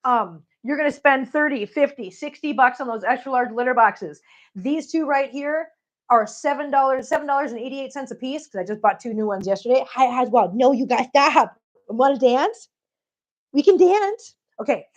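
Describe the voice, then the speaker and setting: A woman's voice: sits high, brisk. A middle-aged woman chatting casually to her cats and her livestream viewers while she cleans, a bit out of breath. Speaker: cat channel vlogger.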